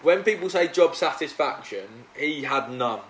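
A man's voice: mid-range voice, expressive, moderate pace, crowd noise. A man hosting a casual podcast chat with his mates, telling a story and acting out what people said. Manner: chatty storyteller, acts out quotes. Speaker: podcast host.

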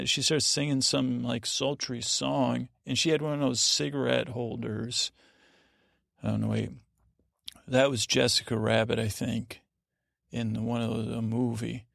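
Male podcast host, heavy vocal fry, mid pitch; meandering bedtime monologue full of asides and restarts. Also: fairly even intonation, moderate pace, a bit bright, no echo, clean studio sound. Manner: meandering, digressive, with many fillers and self-corrections. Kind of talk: rambling bedtime podcast recap.

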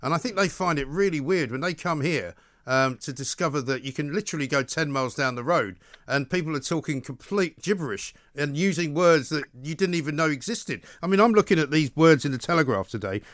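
Wry radio host with a Southeast English accent, dry studio sound. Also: male voice, a little high, expressive, fairly quick, fairly bright tone, no echo. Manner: wry, opinionated, conversational. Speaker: radio talk show host. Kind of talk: talk radio hosting.

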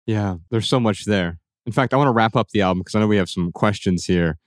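A man's voice: fairly low pitch, fast, no echo, clean studio sound. A man hosting a podcast who talks in an upbeat, teasing way. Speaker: podcast host. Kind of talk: casual podcast chat.

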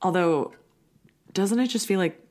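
A woman's voice: medium pitch, unhurried, darkish tone. A woman in her thirties hosting a podcast with friends, chatty and playful, rambling in a casual way. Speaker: podcast host. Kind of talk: casual chat.

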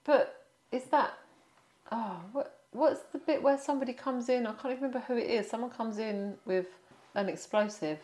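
A woman co-hosting a podcast, chatting in a lively, blunt way about a film she mocks. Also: on the high side. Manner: lively and blunt, quick to mock. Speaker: podcast co-host. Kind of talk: casual film review chat. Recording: roomy echo.

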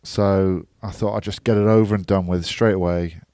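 A man's voice: low voice, steady tone, moderate pace, mellow, smooth, no room sound, clean studio sound. A man co-hosting a casual podcast, telling stories and chatting with his friend. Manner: chatty, laughs at own stories, acts out mates' voices. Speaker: podcast co-host.

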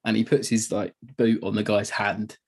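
A man's voice: fairly low pitch, little pitch movement, normal speed, a little mellow, husky. A man co-hosting a film podcast, chatting casually, laughing often and acting out lines from the film. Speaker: podcast co-host. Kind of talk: casual film review chat.

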